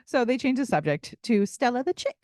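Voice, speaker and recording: A woman co-hosting a podcast, recapping episodes in casual chat with frequent laughs and animated storytelling. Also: fairly high pitch, fairly quick, no echo, studio quality. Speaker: podcast co-host.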